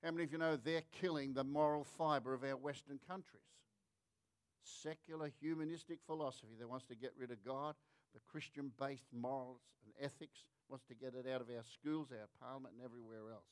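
A man's voice: mid-range voice, steady tone, a little fast, clear, resonant tone. A man with an Australian accent preaching a sermon, emphatic and rhetorical, often asking the crowd questions. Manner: emphatic, rhetorical, repeats "how many of you know".

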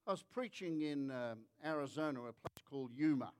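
A man's voice: mid-range voice, lively intonation, a little fast, darkish tone, smooth. A man with an Australian accent preaching a sermon, emphatic and rhetorical, often asking the crowd questions. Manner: emphatic, rhetorical, repeats "how many of you know".

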